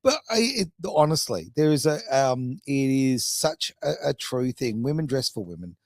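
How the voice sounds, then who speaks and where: A man's voice: mid-range voice, big pitch swings, moderate pace, darkish tone, no echo. A man, hosting a casual podcast chat, talking in a chatty, self-mocking way with lots of fillers. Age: 50s. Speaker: radio podcast host.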